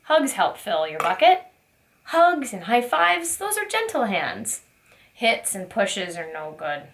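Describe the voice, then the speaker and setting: A woman teaching a preschool circle time, asking gentle questions in a sing-song teacher voice. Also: on the high side. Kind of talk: circle time lesson for young children.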